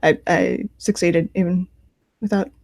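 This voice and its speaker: A woman's voice: lowish voice, expressive, measured pace, creaky, a little mellow, no room sound. A woman playing a tabletop game, talking hesitantly and thinking aloud. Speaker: player. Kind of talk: casual tabletop play.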